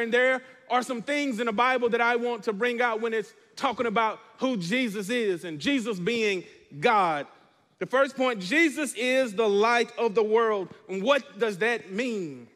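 A man's voice: high voice, a bit bright, big-room sound. A man preaching a sermon as pastor, reading scripture and calling on the congregation to respond. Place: church.

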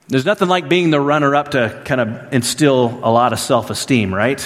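A middle-aged man preaching a sermon, telling stories in a conversational way that swings between lively and hushed. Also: medium pitch, normal speed. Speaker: pastor. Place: church sanctuary. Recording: long reverb of a large hall.

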